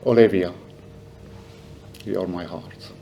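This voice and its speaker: An older man giving a halting, emotional memorial speech for his mother. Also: sits low, steady tone, slight background noise. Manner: halting, emotional, soft-spoken. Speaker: family member giving a eulogy.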